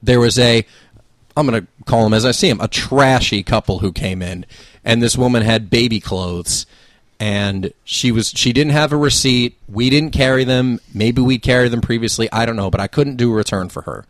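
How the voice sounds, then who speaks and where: A man co-hosting a podcast, telling work stories in an animated way, swearing freely and laughing mid-sentence. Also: mid-range voice, moderate pace, no room sound, studio quality. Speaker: podcast co-host. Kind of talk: casual storytelling chat.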